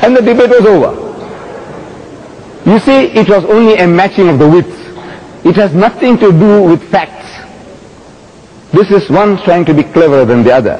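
Animated male lecturer in a reverberant hall. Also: high-pitched, moderate pace, a little hiss or hum. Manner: animated storytelling, emphatic repetition, rhetorical questions. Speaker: Islamic lecturer. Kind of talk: public lecture to an audience.

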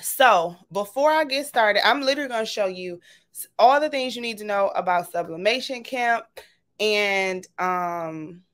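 A woman's voice: mid-range voice, measured pace, a bit bright. A woman hosting a casual livestream, bubbly and greeting her viewers one by one. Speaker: livestream host.

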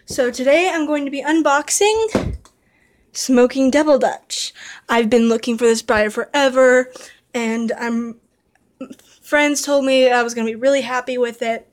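A woman filming an unboxing vlog, gushing and excitable, talking to her viewers while tired late at night. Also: sits high, measured pace. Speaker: vlogger unboxing a model horse.

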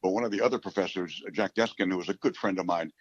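A man in his seventies from New York City, a radio play-by-play announcer, telling rambling, animated stories in a casual interview. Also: low voice, fast talker, slightly rough, dry recording. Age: 70s. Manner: animated, rambling storyteller who acts out quotes. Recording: dull, dry recording.

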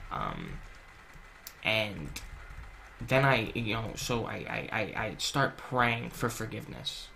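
A man's voice: medium pitch, gravelly, pushed and bright, slight background noise. A man casually narrating a personal story while playing a game, swearing a lot and restarting his sentences, earnest and confessional. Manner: casual, heavy swearing, many fillers and restarts. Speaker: gaming channel host.

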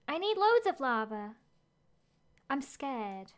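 A woman streaming a game live, chatting excitedly and narrating her own play aloud as she goes. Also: high voice, normal speed.

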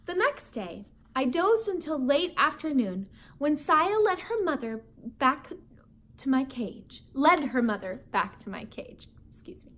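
A woman teacher reading a children's book aloud to a class with expressive, animated storytelling. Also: high-pitched, unhurried.

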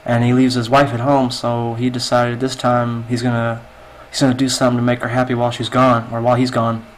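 Game player telling a joke, rambling delivery, flat mid-pitched voice. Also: male voice, brisk, slight background noise, rough recording. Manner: rambling, restarts often.

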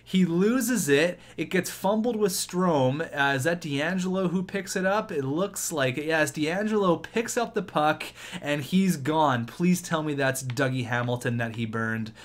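A man giving excitable gameplay commentary on a hockey video game, shouting at the big plays. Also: fairly high pitch, unhurried. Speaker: gaming YouTuber.

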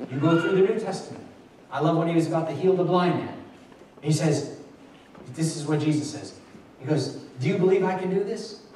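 A man's voice: fairly high pitch, darkish tone, a little hiss or hum. A man preaching a sermon at a midweek church Bible study, talking conversationally and often restarting his sentences. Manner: conversational and repetitive, with frequent restarts. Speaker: pastor. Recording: echoey church room, mic far off.

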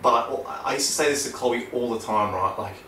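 Young guy, podcast co-host, sweary and animated storyteller; distant, roomy backup-mic sound. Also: mid-range voice, a little fast, slight background noise. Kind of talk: casual chat.

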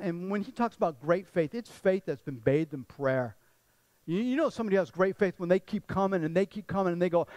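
A male pastor delivering a sermon, bringing the stories alive by acting out each person's voice. His voice sits fairly high. The sound is dry and close, with little room around it. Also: dry recording. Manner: animated storytelling, acting out voices in the scriptures.

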